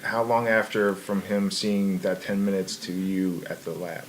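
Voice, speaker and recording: A man hosting a casual interview, asking quick follow-up questions and reacting briefly. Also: deep voice, little pitch movement. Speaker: interviewer, podcast host.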